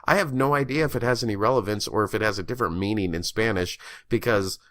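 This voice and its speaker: A man co-hosting a podcast, chatting casually and telling a story with animated energy, swearing and laughing along the way. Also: on the low side, quick pace, no room sound. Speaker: podcast co-host. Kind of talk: casual chat.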